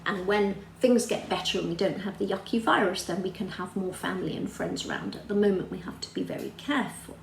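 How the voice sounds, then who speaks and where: A woman telling a story lesson to young children, animated and sing-song, often quizzing her listeners. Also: medium pitch, a little fast, gravelly, few pauses, roomy sound, slight background noise, low-quality recording. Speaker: children's religious teacher.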